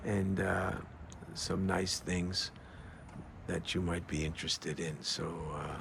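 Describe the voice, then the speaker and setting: An older man talking in a casual, rambling monologue outdoors, halting often with fillers and restarts. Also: low voice, fairly even intonation, vocal fry, noisy background. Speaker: vlogger.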